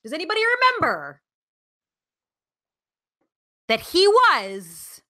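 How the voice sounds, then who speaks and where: A woman co-hosting a podcast in casual chat, animated, with lots of fillers and swearing. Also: extremely high pitch, slow. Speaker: podcast co-host.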